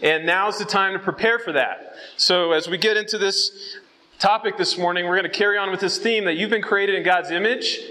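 Bright-voiced, high-pitched male preacher. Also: rough recording. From Southern California. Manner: casual and conversational, with fillers and audience check-ins. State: out of breath from altitude. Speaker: conference speaker. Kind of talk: youth conference sermon.

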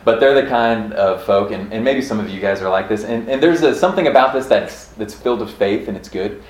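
A man in his thirties from Kansas giving a casual, earnest church talk, chatty and quick to laugh, often restarting his sentences. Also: lowish voice. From Kansas, USA. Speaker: church speaker teaching on revival history. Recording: roomy echo, faint room ambience.

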